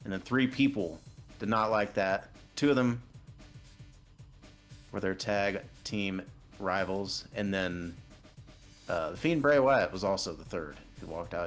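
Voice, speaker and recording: A man's voice: low voice, a bit bright. A man narrating a wrestling video game in casual, crude, playful commentary.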